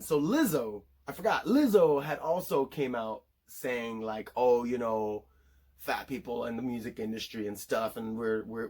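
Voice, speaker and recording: A man's voice: a little high, a little mellow. A man vlogging a blunt, heavily profane commentary rant, heated and casual.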